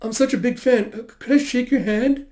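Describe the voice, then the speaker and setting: A man voicing a nervous young woman fan who stammers with a timid, high voice. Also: brisk, warm tone. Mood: starstruck.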